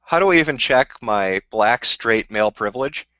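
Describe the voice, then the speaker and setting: Man, live stream rant, profane, rambling, combative, forceful tone, lo-fi audio. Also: mid-range voice, animated, moderate pace. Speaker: live streamer answering viewer questions. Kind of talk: casual ranting live stream. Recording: dull lo-fi dry sound.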